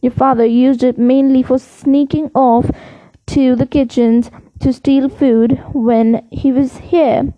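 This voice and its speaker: A woman's voice: sits high, steady tone, takes it slowly, no echo, highs cut off. Dumbledore, read by a woman. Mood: musing. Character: elderly male wizard headmaster, whimsical and dreamy.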